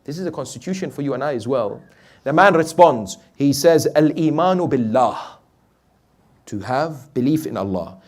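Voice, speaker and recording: A man preaching a night sermon who urges his listeners emphatically, asks them rhetorical questions and drops to quiet storytelling. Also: medium pitch, animated, normal speed. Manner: swings between loud urging and quiet storytelling. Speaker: sheikh, preacher.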